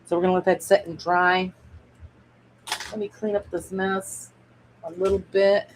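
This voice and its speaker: A woman's voice: lowish voice, level tone, measured pace, a little hiss or hum, low-quality recording. A woman hosting a casual miniature-crafting stream, chatting in a rambling way and answering viewer comments as she builds. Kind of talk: casual craft livestream chat.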